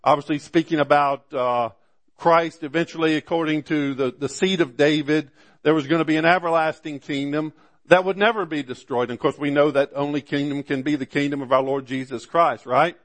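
A man's voice: a little high, steady tone. Male pastor, sermon delivery, rhetorical questions, stumbles and repeats, stretches out quoted verses. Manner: preacher with frequent "amen" and rhetorical questions; slows down to stress scripture quotes.

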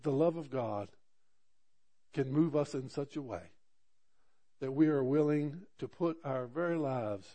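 A man's voice: medium pitch, unhurried, pauses often, dark tone. A man delivers a sermon as a personal story. His tone is earnest and conversational, and it swells into fervent emphasis on key points. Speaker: pastor.

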